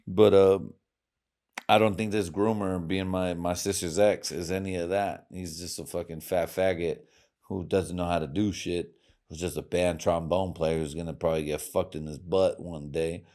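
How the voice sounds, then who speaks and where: A man hosting a podcast, swearing through a crude, rambling monologue with sudden swings in loudness and pitch. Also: fairly even intonation, normal speed. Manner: loud swings in volume and pitch. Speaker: podcast host.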